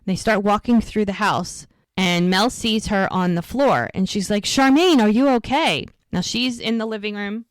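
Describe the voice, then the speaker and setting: A woman co-host recaps a drama episode in a casual, animated way and slips into the characters' lines. Her pitch sits in an ordinary middle range. The recording is dry and close, with little room sound. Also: normal speed, no echo. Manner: animated retelling, acts out quoted lines.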